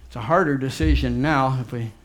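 A man preaching a fervent sermon as pastor, swinging between loud urgent emphasis and quiet low asides. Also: fairly quick.

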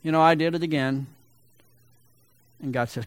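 High-voiced man preaching loudly. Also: steady tone, moderate pace, dry recording. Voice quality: gravelly. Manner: loud, emphatic preaching that swells to big peaks. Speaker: pastor. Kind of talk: sermon.

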